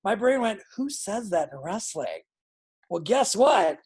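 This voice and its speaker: Blunt, husky-voiced woman wrestling coach. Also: medium pitch, a little slow. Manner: blunt, excitable, swears freely. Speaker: pro wrestling trainer. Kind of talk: live online coaching feedback.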